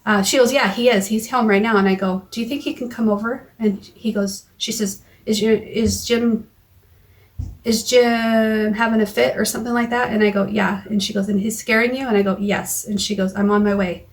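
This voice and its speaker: A woman talking straight into her phone camera in a raw personal vlog. She retells a frightening argument in a halting way, with restarts and back-and-forth quoted dialogue, in a voice of middling pitch. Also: steady tone. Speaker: vlogger. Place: car or home.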